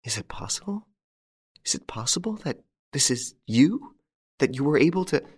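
A man's voice: mid-range voice, very animated, normal speed, darkish tone, husky, pitched above the performer's own voice. A man voicing a frightened young noblewoman and desperate mother, breathless and pleading, often whispering. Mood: stunned.

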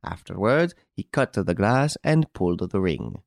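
Man reading a cool-headed chevalier sleuth, deliberate, lively rise and fall, dry audiobook sound. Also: low-pitched, vocal fry, dry recording, full character voice. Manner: calm, smiling, deliberate explaining. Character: calm, clever gentleman detective, a chevalier.

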